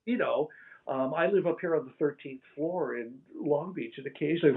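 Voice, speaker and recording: An older man, a guest on an interview show, telling stories in a casual, animated way, laughing and mimicking sounds as he goes. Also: fairly high pitch, a little fast, husky. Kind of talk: casual storytelling. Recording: tinny phone-like line.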